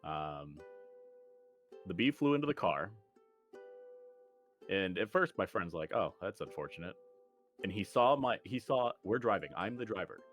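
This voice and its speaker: A man's voice: low-pitched, big pitch swings, unhurried, long pauses, fairly bright tone, soft background music. A man chatting casually and narrating as game master, telling stories with a laugh. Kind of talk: casual tabletop game chat.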